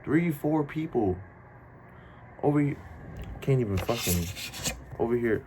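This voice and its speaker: A young man from New Jersey with a New Jersey accent, telling a casual storytime in slangy, animated talk. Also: medium pitch, unhurried, very noisy.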